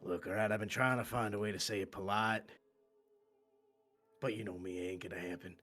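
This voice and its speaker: A rough, plain-spoken fighter talks low and close, as a man plays him in a tabletop game. The voice sits low but keeps a bright, forceful edge. There is faint music underneath. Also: fairly even intonation, brisk. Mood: confiding. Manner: low, rough-edged, lowered voice. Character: gruff blunt male warrior, secretly caring. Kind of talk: tabletop role-play.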